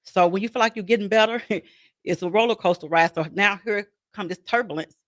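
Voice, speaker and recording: Speaking briskly at medium pitch, a grieving mother appears as a guest in an interview conversation about her life. She is earnest, repeating herself as she gives voice to her inner thoughts, on a dry recording.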